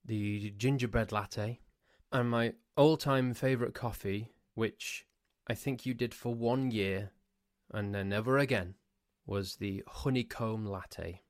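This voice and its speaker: A man's voice: lowish voice, no echo, clean studio sound. A man from Cheshire with an English accent, hosting a solo podcast in a rambling, pedantic chatty way. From Cheshire, England. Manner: rambling, pedantic, ranting asides. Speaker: podcast host. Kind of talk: casual solo podcast monologue.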